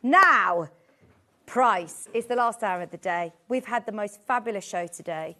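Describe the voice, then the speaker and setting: A woman's voice: mid-range voice, animated, a little slow, bright, forceful tone. A British woman presenting a live TV sewing sales show with enthusiastic selling patter. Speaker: shopping channel presenter.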